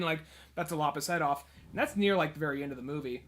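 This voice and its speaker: A male co-host of a comedy podcast recaps a movie in casual chat, rambling, swearing and acting out bits of the dialogue. His voice is high-pitched and a little bright, and he talks fast.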